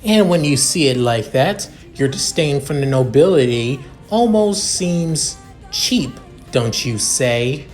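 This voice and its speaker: Man voicing a young noble heir, cool, measured, looks down on others, slow delivery. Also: medium pitch, animated, soft background music.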